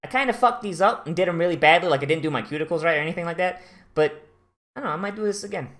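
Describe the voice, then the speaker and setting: Vlogger, mid pitch, swears a lot, rambles and trails off. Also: rapid-fire. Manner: profane, rambling, animated. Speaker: anime watch-along host. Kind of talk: casual rambling commentary.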